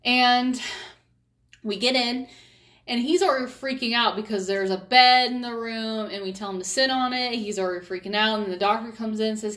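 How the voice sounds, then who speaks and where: A woman in her thirties tells a family story in a loose, chatty way. Her voice sits a little high, and her talk is frank, with casual swearing. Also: normal speed, fairly bright tone. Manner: candid and chatty, swears freely.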